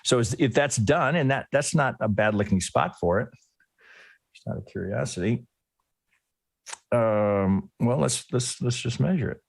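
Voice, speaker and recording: A man's voice: medium pitch, expressive, unhurried, creaky, pauses often, husky, no room sound. A man teaching a trading lesson while he analyzes a chart live. He thinks aloud in a casual way, restarts his sentences often and keeps asking "right?". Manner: casual, occasionally swears. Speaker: trading educator.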